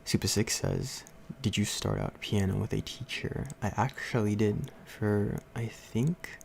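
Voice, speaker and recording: A man's voice: lowish voice, fairly even intonation, unhurried, vocal fry, slight background noise. A young man hosting a livestream, casually telling a story to his chat with lots of fillers and frequent laughs. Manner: rambling, laughs often, many fillers. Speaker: livestream host.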